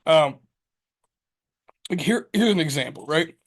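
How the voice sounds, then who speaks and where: A man co-hosting a podcast in casual chat, rambling and profane with lots of fillers and animated storytelling. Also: on the high side, unhurried, husky. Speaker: podcast co-host.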